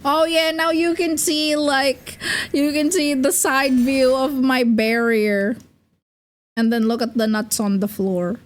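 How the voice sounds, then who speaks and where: A woman's voice: sits high, fairly even intonation, takes it slowly. A young adult woman chatting casually on a livestream as a VTuber, rambling and giggling with lots of fillers. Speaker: VTuber streamer.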